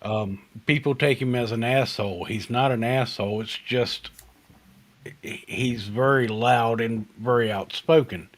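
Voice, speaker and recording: A male host in a relaxed online hangout, his voice sitting at an ordinary middle pitch. He tells stories in a loose, rambling way and swears freely as he goes. The sound carries the feel of a video call. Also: measured pace, slight background noise. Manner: swears freely, laughs through anecdotes. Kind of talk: casual chat, storytelling.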